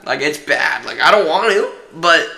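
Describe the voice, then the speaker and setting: Rambling young man, bright echoey voice. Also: on the high side, sing-song, normal speed. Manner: rambling, heavy swearing and fillers. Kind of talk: casual chat.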